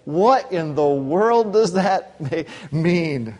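Working through an outline in a conversational, unscripted way, a pastor delivers an expository sermon very slowly. His voice is somewhat high for a man, expressive and a little mellow, and he breaks off into asides and acts out short quotes.

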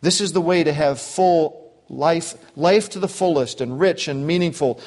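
A man delivers a sermon from an outline, working through points in a conversational, unscripted way. His voice sits somewhat high for a man. He breaks off into asides and acts out short quotes. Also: a little mellow. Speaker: pastor. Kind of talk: expository sermon.

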